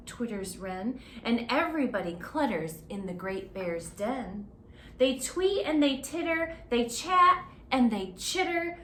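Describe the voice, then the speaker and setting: A woman, a children's librarian, reading a picture book aloud in an animated, playful, expressive way. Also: fairly high pitch, a little slow. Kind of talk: storybook read-aloud for children. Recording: roomy echo, faint hiss.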